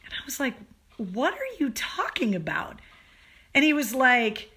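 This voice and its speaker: A woman hosting a casual livestream, telling a story with lively acted-out dialogue that rises to excited, loud outbursts. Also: high voice, unhurried. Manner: animated, acts out dialogue, gets loud and excited. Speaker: host. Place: home, on a live stream.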